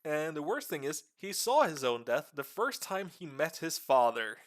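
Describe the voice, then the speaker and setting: A man streaming live and explaining game lore to a friend in a casual, animated way with casual swearing. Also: on the high side, normal speed.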